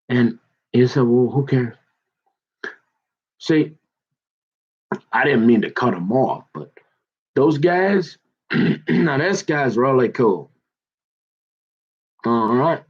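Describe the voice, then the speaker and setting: A man's voice: lowish voice, dull audio. A middle-aged man in a casual, rambling monologue, talking in a folksy way and often repeating words and restarting.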